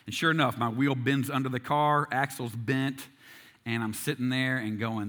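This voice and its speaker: A man's voice: mid-range voice, fairly even intonation, normal speed, fairly bright tone. Man, 40s, pastor preaching a sermon; conversational storyteller, self-deprecating, asks rhetorical questions, mid-range voice.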